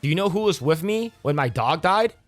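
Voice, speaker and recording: A man's voice: on the high side, expressive, fairly quick. Profane ranting young man over music. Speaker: commentator. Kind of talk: casual reaction commentary.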